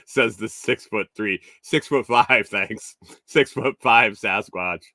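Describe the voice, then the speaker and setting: A man's voice: on the low side, slow, pushed and bright, dry recording, studio quality. A man hosting a morning show, telling a rambling story to his live chat with frequent chuckles and restarts. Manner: rambling, chuckling, self-correcting.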